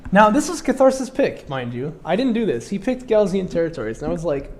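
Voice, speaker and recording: A man's voice: sits high, very animated, fairly quick, a little hiss or hum. A congested man casually commentating his own strategy game match, explaining his moves with plenty of fillers.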